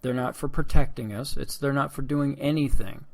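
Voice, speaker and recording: A man's voice: medium pitch, normal speed, gravelly, a little mellow. Sarcastic man hosting a political podcast. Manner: sarcastic, digressive, addresses listeners as folks. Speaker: podcast host. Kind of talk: political commentary monologue.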